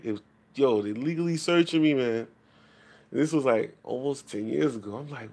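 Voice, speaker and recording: A man rants profanely at his livestream chat late at night. His voice is gravelly, and he talks at a mid pitch. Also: sing-song, normal speed, darkish tone. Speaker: live streamer. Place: home, at night.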